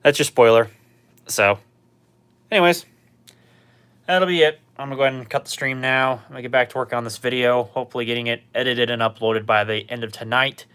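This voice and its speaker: A man hosting a casual livestream about computer gear, talking in a rambling, relaxed way with lots of filler words. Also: mid-range voice, a little fast, clear, resonant tone. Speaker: livestream host.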